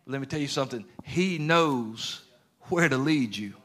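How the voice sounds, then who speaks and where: Delivering a sermon on a Bible lesson, this earnest man sounds animated and a bit bright at a moderate pace. His pitch is mid-range for a man, and his manner stays homespun and conversational, with casual, loose grammar.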